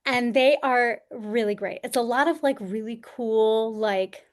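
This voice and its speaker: Chatty woman guest, higher voice. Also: measured pace. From Poughkeepsie, New York. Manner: chatty, animated storyteller. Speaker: podcast guest, career coach and actor. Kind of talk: casual interview chat.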